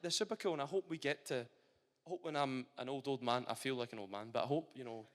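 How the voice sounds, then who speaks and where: A man's voice: mid-range voice, fast talker. A young Scottish man, a retired footballer, chatting animatedly in a casual interview at a live event. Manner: animated and chatty, with frequent restarts. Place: large hall at a live event. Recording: long hall reverb.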